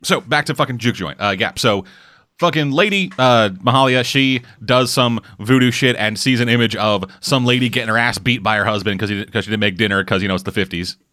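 A man co-hosting a podcast, telling a story in casual, profane, animated chat. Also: medium pitch, brisk. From Canada. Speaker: podcast co-host.

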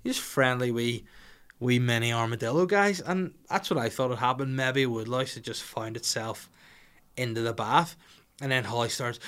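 Man, 30s, stand-up comedian, profane, rambling asides, animated storytelling. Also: medium pitch, normal speed, smooth.

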